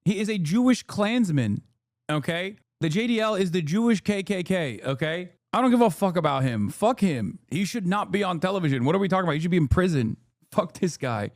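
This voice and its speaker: A man's voice: high-pitched, animated, fairly quick, no echo, clean studio sound. Profane, sarcastic male streamer. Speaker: streamer commentator. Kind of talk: reacting to a news clip.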